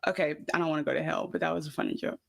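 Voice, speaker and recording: A woman co-hosting a podcast, telling stories and joking in a loose, animated way. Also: deep voice, rapid-fire, vocal fry, no echo. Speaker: podcast co-host. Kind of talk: casual chat.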